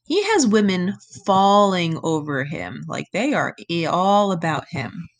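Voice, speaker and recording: A woman's voice: fairly low pitch, big pitch swings, a little slow. A young woman teaching a class, reading a myth aloud and explaining it in casual, plain words as she thinks it through. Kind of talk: reading lesson, thinking aloud over a text.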